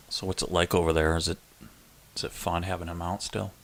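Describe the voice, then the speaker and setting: A man's voice: sits low, little pitch movement, moderate pace, a bit bright, faint music behind. A man hosting a casual live chat stream, joking and laughing with viewers as he reads their messages. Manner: chatty and joking, laughs often.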